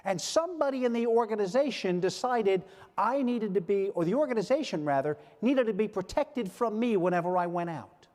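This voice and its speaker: An older man with a fairly high voice delivers a motivational keynote to a large audience. He tells stories and briefly acts out the voices of the people in them. His words ring out with a long reverb through the hall. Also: expressive, a little fast, darkish tone. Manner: storytelling, acts out quoted voices. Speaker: keynote speaker. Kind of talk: motivational speech.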